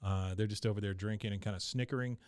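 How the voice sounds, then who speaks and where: A man's voice: fairly low pitch, fairly even intonation, quick pace, darkish tone, clear, resonant tone, no room sound, studio quality. A man hosting a podcast, casually recapping an episode with lots of filler sounds and chuckles. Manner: rambling, many filler sounds, chuckles often. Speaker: podcast host.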